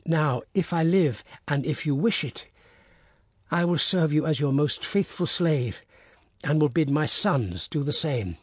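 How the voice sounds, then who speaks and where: A man voicing a wounded, bearded former enemy who confesses quietly in a weak voice in a storybook reading. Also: fairly high pitch, expressive, unhurried, breathy edge, no echo, studio quality. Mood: remorseful.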